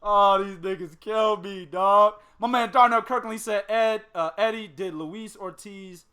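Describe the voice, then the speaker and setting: A man hosting a boxing podcast, chatting casually, animated and profane, laughing often. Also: sits high, measured pace, smooth. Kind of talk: casual chat.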